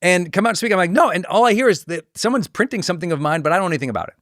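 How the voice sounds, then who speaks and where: A middle-aged man hosting a podcast, telling a personal story in a lively way and acting out the voices of the people he quotes. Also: racing, no room sound, clean studio sound. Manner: animated, acts out quoted voices with pitch jumps. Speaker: podcast host.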